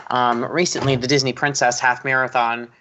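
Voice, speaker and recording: A man co-hosting a casual podcast, an animated storyteller who jumps into high squeaky quotes. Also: moderate pace, lo-fi sound, slight background noise. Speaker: podcast co-host.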